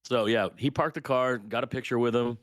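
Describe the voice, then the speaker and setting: A middle-aged man co-hosting a podcast, telling lively, profane stories in casual chat. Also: medium pitch, brisk, no room sound, clean studio sound. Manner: storytelling, animated, swearing freely. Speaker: podcast co-host.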